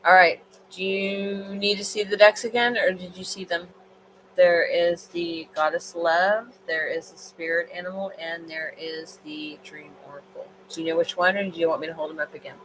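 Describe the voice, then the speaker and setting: A woman's voice: on the low side, fairly even intonation, normal speed, fairly bright tone, a little hiss or hum, rough recording. A woman doing a casual tarot card reading on a livestream, rambling and chatty, tired late at night.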